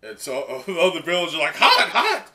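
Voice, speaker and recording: A man hosting a live comic reaction who talks in an excitable, rambling way with lots of "like". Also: a little high, quick pace. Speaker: reaction video host.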